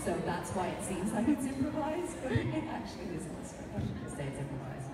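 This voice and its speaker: A woman's voice: medium pitch, big pitch swings, fairly quick, heavy background noise. A woman speaking on a convention panel, answering fan questions in a playful, joking way. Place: large convention hall with audience. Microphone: hall PA mic, recorded from the audience. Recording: distant, echoey hall over loud crowd.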